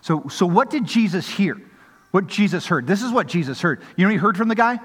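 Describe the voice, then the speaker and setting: A man's voice: sits high, lively intonation, brisk, a bit bright, husky, long reverb tail. A man preaching a sermon as pastor, acting out the voices of people in the story.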